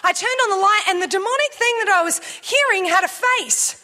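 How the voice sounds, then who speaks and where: A woman in her thirties preaching a sermon, telling a lively personal story and shouting as she acts it out. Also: very high voice, brisk.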